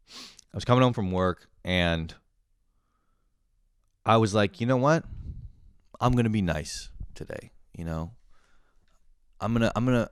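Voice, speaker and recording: Young guy rambling a funny story, lots of swearing and giggles, lowish voice that jumps around, dry close mic. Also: clean tone, no room sound. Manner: rambling, swears a lot, laughs at his own stories. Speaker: podcast host. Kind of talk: casual storytelling monologue.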